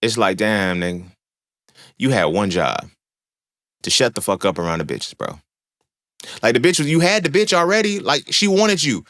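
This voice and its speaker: A man's voice: mid-range voice, a little fast, a bit bright. A young man hosting a podcast, talking in a casual monologue, slangy, profane and emphatic as he tells stories. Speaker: podcast host.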